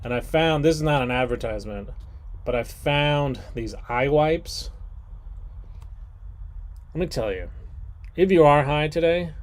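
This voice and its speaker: A man in his forties hosts an online trivia game, animated and jokey, rambling off into asides between questions. His voice is a little high, and he speaks at a measured pace with long pauses.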